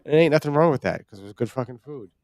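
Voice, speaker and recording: A man's voice: mid-range voice, animated, rapid-fire, darkish tone. A man hosting a comedy podcast, talking casually in a rambling, profane way. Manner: rambling, profane, laughing loosely. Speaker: podcast host.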